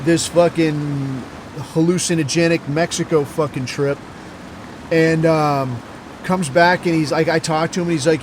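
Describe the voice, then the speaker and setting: Brief: profane male podcast host, rambling storyteller, slightly high voice, faint traffic outside. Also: moderate pace. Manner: crude, rambling, heavy swearing, deadpan asides. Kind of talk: profane casual storytelling monologue.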